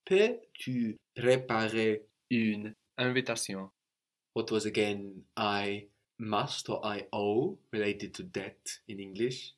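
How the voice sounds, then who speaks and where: A man's voice: on the low side, slow. A man teaching a language lesson, explaining step by step in a patient way and often checking in with a questioning "no?".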